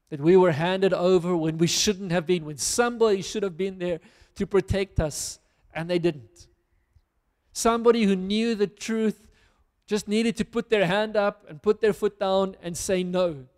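A man with a high voice preaching a sermon, moving from scripture reading to earnest application for his listeners. His voice carries a long reverb from a large church hall. He speaks as a pastor addressing his congregation. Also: a little mellow.

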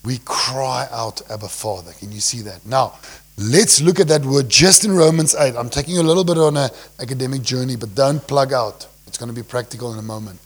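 A young man with a South African accent preaching a sermon. He swings between loud cries from scripture and quiet, low asides. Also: brisk, husky. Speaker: pastor.

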